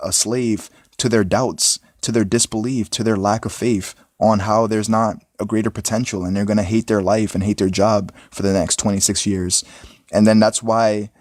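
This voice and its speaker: Young male vlogger, low voice, dry close phone sound, loose, repetitive motivational talk. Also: darkish tone, no echo. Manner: rambling, repeats "you know what I'm saying". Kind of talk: casual motivational monologue. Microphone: smartphone.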